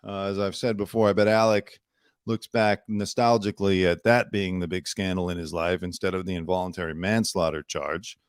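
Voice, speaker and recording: A man's voice: deep voice, fairly even intonation, normal speed, smooth, no room sound, clean studio sound. A man hosting his own news commentary show, chatty and opinionated with sarcastic asides. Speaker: host.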